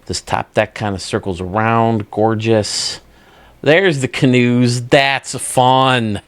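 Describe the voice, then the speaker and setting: A man's voice: mid-range voice, little pitch movement, slow pace. A man hosting his own channel, chatting casually and enthusiastically while touring video game stadiums, often laughing at himself. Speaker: YouTube host.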